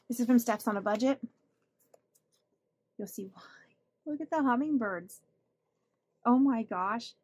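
A woman's voice: a little high, darkish tone, breathy edge. A woman hosting a budgeting channel, chatting casually and gushing as she opens her mail, laughing often. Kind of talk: casual chat opening mail.

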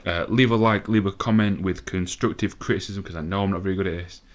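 A young man commentating a football game excitedly, nervous and swearing, with laughing bursts. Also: low voice, fast talker. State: out of breath. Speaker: gaming commentator.

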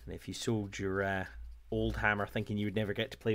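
A man's voice: fairly low pitch, level tone, fast, fairly bright tone. Jokey Scottish man streaming. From Scotland. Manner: rambling and jokey, laughs often. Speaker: hobby painting streamer. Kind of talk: casual livestream chat while painting.

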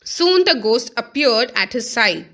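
A woman's voice: fairly high pitch, very animated, unhurried, bright, forceful tone. A woman with an Indian English accent teaching English, reading a chapter aloud line by line and explaining words. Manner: reads a line, then restates it and defines words.

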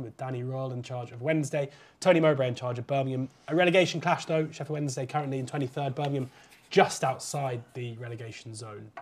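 A man hosts a football betting preview, his voice slightly croaky from being unwell. He talks in a chatty, easygoing way, dropping quick asides and fillers as he goes. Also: medium pitch, a little hiss or hum. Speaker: podcast host.

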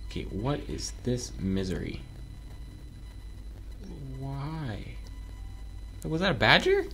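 A man playing a platform game and commenting as he goes, excitable and joking, yelping when something surprises him. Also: mid-range voice, slow, faint music behind. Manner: excitable, talks to himself, yelps when surprised; joking asides to viewers. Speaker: gaming video creator. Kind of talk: casual let's-play commentary.

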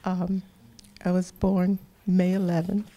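A woman's voice: on the low side, flat delivery, slow, mellow, muffled recording. A woman in her eighties from Missouri in the US, speaking briefly and a bit hesitantly. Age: 80s.

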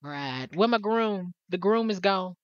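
Animated woman with lively, swooping pitch. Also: unhurried, no echo, muffled recording. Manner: animated, exasperated, talks to viewers. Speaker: gameplay commentator. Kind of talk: casual gameplay commentary.

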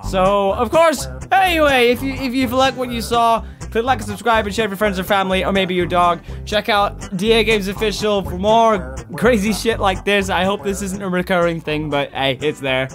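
A hoarse British man in his twenties giving loud, excitable gameplay commentary, swearing and trash-talking. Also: sits high, normal speed, hardly any pauses, faint music behind. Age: 20s. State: hoarse, raspy throat. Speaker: gaming video host.

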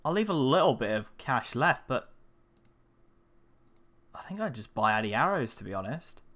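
A man's voice: mid-range voice, moderate pace. A man giving casual, sweary commentary while playing a game on his channel. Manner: swearing, excitable, talks to game characters. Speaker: gaming channel host.

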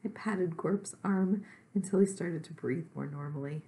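Reading a children's book unhurriedly, a woman with a low, gravelly voice voices the first-person narrator herself, speaking slowly and gently. She pauses for friendly, chatty asides to her young audience and at times sinks into a soft whisper, with a slight hiss or hum audible.

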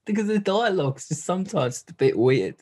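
A man's voice: high-pitched, big pitch swings, a little fast, darkish tone, slightly rough. A man co-hosting a podcast, chatting casually about a film with frequent laughs and incredulous asides. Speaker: podcast co-host.

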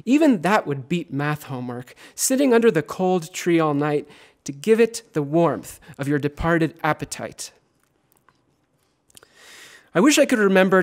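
A man performs his poems at a university reading with a high voice. His delivery is theatrical and lively, swinging from loud lines to hushed ones. He sometimes drops into chanting repeated words. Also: normal speed. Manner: chanting repetitions. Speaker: poet. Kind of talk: poetry reading.

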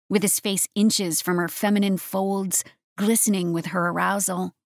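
Woman reading a romance audiobook, steady and even, mid pitch, very dry close mic. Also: dry recording. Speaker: audiobook narrator.

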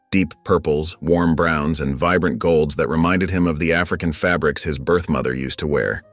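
A man narrating a scripted story in a calm, measured way. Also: very deep voice, dry recording. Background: faint background music.

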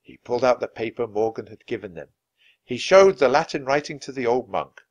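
A man reading a children's chapter book aloud in an expressive, lively way. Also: medium pitch, fairly quick. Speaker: storybook reader. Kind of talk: children's story read-aloud.

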